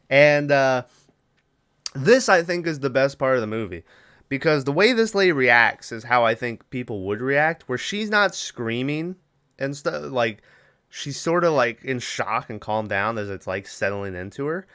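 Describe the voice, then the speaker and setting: A man's voice: medium pitch, animated, normal speed, fairly bright tone. A man hosting a podcast alone, retelling a horror film's plot in a loose, rambling way, with many fillers and quoted bits of dialogue. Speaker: podcast host. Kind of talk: casual solo movie recap.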